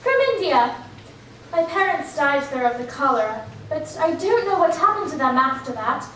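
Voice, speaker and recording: A young woman acting as a blunt, contrary orphan girl on a school stage, forthright and sharp-tongued. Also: high-pitched, lively intonation, normal speed, slight background noise. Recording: echoey stage from far off.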